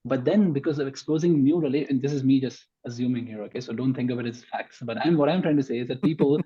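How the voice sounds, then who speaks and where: Husky-voiced man making his case. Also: mid-range voice, quick pace, warm tone, muffled recording. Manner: emphatic, argues point by point. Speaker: podcast guest. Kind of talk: conversational podcast discussion.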